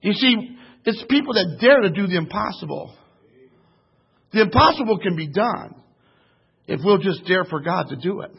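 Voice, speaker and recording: A man preaching a sermon with great passion, shouting at the peaks of his story and dropping to a hushed tone in between. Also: high-pitched, lively intonation, moderate pace, creaky, pauses often, breathy edge, dull audio.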